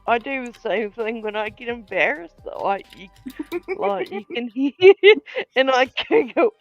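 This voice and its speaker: A woman's voice: on the high side, expressive, a little slow. A woman hosting a live stream, chatting casually, giggling often and swearing freely. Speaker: stream host. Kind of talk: casual chat. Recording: dull lo-fi stream audio with faint music.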